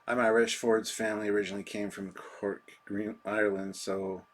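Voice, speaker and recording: A man's voice: fairly low pitch, little pitch movement, moderate pace. A man hosting a live stream, chatting casually and rambling through viewer comments with a self-deprecating manner.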